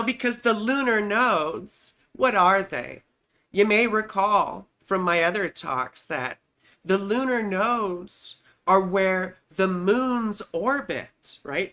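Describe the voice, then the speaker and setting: A woman talks unhurriedly from her home, drawing out her words in a loose, conversational livestream. She rambles from point to point and keeps checking in with her listeners as she explains. Her voice sits at an ordinary middle pitch. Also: a bit bright. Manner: rambling, chatty, peppers explanations with "you see" and "right". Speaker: astrologer host. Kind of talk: casual livestream talk.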